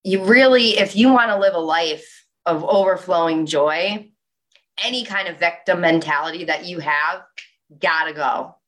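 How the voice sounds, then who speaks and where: A young woman giving a motivational talk, telling a personal story in an animated way with lots of "like". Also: lowish voice, moderate pace. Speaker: speaker.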